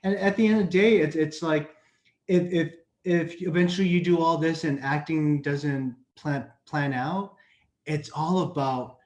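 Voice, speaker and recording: A man's voice: on the high side, steady tone. A young man, an actor, talking earnestly on a video call, often restarting his sentences. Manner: earnest, halting with many restarts. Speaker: actor guest. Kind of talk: casual video call interview. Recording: roomy echo on a video call.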